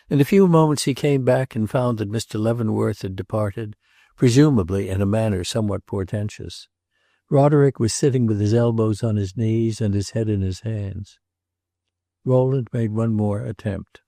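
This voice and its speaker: Male narrator reading an old novel, mellow warm voice, measured pace, dry close mic. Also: lowish voice, dry recording. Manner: measured, even literary reading. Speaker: audiobook narrator. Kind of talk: audiobook narration of a classic novel.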